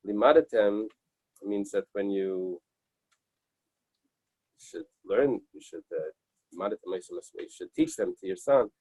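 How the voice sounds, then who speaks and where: Husky-voiced man teaching Talmud. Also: fairly low pitch, animated, darkish tone, dry recording, rough recording. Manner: explains in halting restarts, mixes Aramaic readings with English. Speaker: Talmud class leader. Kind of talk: Talmud study class.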